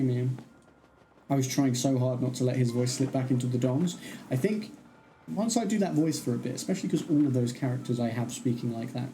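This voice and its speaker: A man's voice: medium pitch, mellow, rough recording. Chatty young man streaming a game. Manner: chatty, laughs easily. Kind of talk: casual game commentary. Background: game music.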